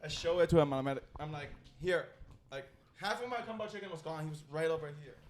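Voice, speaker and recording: Man, from China, non-native English, high pitch, animated, restarts often. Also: fast talker, a little hiss or hum. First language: Chinese. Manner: animated, profane, frequent restarts. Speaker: comedian guest. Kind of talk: casual storytelling.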